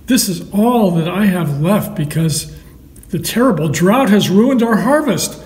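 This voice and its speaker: A man reading aloud the lines of a pleading poor widow in a slow storybook way. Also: sits high, animated, darkish tone. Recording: echoey hall, mic far off.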